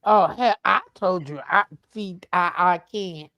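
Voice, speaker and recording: A woman telling a lively, profane story in casual chat, calling her listener "child". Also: on the low side, slow, dry recording. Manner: animated storyteller, swears freely, calls listener "child". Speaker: streamer, co-host. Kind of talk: casual chat while crafting.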